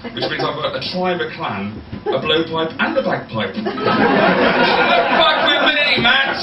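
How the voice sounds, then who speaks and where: Lively bantering stand-up comedian, man. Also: on the high side. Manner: bantering, teasing questions to the audience. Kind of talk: stand-up routine with crowd work. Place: comedy club stage. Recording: echoey distant live club recording.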